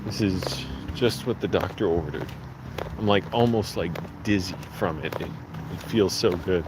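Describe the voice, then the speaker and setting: Low-voiced man vlogging on a street walk. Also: normal speed. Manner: rambling, talks to the camera while walking. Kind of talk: casual walking vlog. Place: outdoors on neighborhood streets. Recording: outdoor street recording with clear background noise. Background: passing traffic and outdoor street noise.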